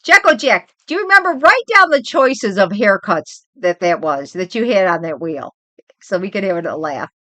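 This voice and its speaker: An older woman and grandmother hosting a casual livestream chat, rambling and animated as she tells stories from home. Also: mid-range voice, moderate pace, no echo. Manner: chatty, rambling, animated storytelling. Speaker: livestream host.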